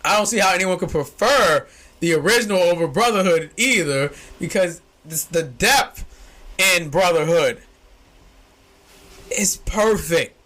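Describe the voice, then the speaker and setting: Man, young adult, very high pitched, bright and forceful, excitable, slangy, shouts when hyped. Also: unhurried. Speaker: podcast co-host. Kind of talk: casual chat.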